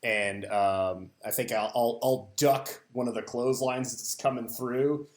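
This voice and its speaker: A man's voice: mid-range voice, steady tone, measured pace, roomy sound. A man playing a tabletop wrestling game, thinking aloud hesitantly with lots of fillers. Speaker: player. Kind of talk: casual tabletop game play.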